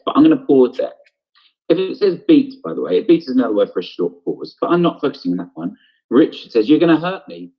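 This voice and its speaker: A man teaching a drama lesson over a video call, walking through each point and checking in with his students. His voice sits low and comes through husky and breathy. The call audio is dull and lo-fi. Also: mellow. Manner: explanatory, checking in with "okay?".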